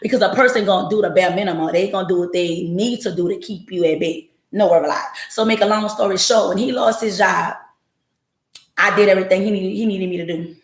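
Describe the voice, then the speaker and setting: Her medium-pitched voice moves at a quick pace, with a roomy sound coming through her home livestream mic. As a podcast host, she recounts her story to her chat bluntly and with plenty of profanity.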